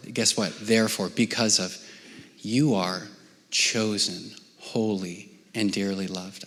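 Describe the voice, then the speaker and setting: Man preaching in a reverberant church. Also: fairly low pitch. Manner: conversational preaching, often dropping to a soft near-whisper. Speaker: pastor. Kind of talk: sermon. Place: church auditorium.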